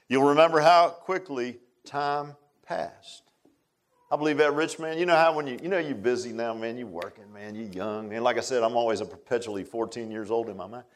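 A man, preaching a sermon in a folksy way, dropping to hushed asides and rising to loud emphatic lines. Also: medium pitch, fairly quick. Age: 60s. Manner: folksy, repeats phrases, calls listeners "man". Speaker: pastor.

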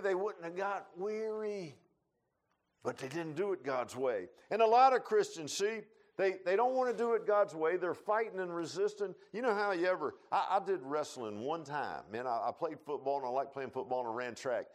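A man preaching a folksy sermon, telling stories and building to loud emphatic points. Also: fairly high pitch, expressive, normal speed. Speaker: pastor.

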